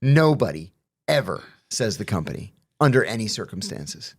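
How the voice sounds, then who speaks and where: A man's voice: on the low side, very animated, normal speed, breathy edge. A middle-aged man, a former intelligence officer, talking in a casual conversation with emphatic, wry asides.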